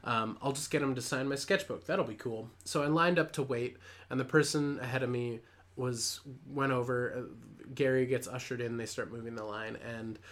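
A man's voice: mid-range voice, steady tone, moderate pace, a bit bright. Rambling young man telling a story. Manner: rambling, self-deprecating, laughs often. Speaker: podcast co-host. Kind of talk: casual chat, storytelling.

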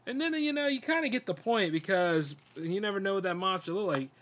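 A man's voice: sits high, lively intonation, a little fast, a bit bright. Male podcast host; casual, rambling post-story commentary. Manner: loose rambling talk with fillers.

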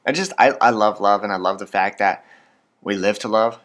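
A man's voice: lowish voice, fairly even intonation, a little fast, fairly bright tone. A man in his twenties with a Canadian accent, hosting a casual solo podcast, rambling and self-deprecating with lots of fillers. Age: 20s. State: hyped up on coffee. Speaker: podcast host.

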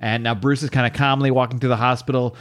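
A man's voice: medium pitch, flat delivery, fast talker. A man casually reading through a comic book, rambling, joking and correcting himself as he goes. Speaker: comic book recap host.

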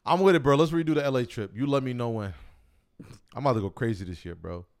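A man's voice: medium pitch, quick pace, a little mellow. A young man co-hosting a podcast in slangy casual chat, laughing often and restarting his sentences. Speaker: podcast co-host.

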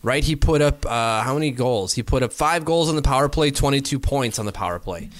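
A man's voice: medium pitch, lively intonation, no room sound. Rambling man in casual sports chat. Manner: rambling, doing quick mental math aloud.

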